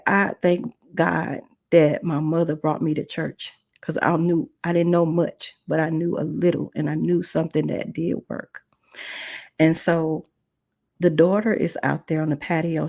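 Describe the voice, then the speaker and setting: A woman's voice: lowish voice, creaky, a little mellow. A woman hosting a podcast, telling a personal testimony with strong emotion and acting out the voices in her story. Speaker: podcast host.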